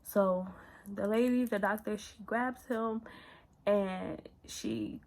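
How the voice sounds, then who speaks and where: A young woman vlogger telling a personal story candidly in casual slang, often sinking to a hushed, near-whispered voice. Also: medium pitch, takes it slowly, poor audio.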